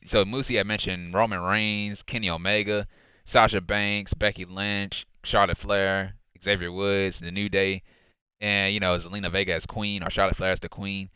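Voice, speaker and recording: Rambling low-voiced wrestling recap host. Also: male voice, pushed and bright, clear, resonant tone, no room sound. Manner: rambling, heavy on "and so, yeah, man" fillers. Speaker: wrestling show reviewer. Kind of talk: casual recap commentary.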